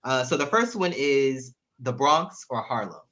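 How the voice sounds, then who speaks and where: A man co-hosting a casual video-call interview, playful and giggly as he runs a quick game. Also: medium pitch, big pitch swings, pushed and bright. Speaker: podcast co-host.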